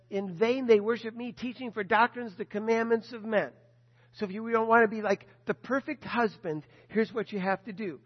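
Animated man preaching in a hall. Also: high-pitched, highs cut off. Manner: animated storytelling, acting out quoted voices. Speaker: pastor. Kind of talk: sermon.

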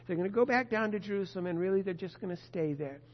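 A pastor preaching a sermon to his congregation, emphatic and expressive. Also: high voice, rapid-fire. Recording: dull lo-fi sound with long reverb.

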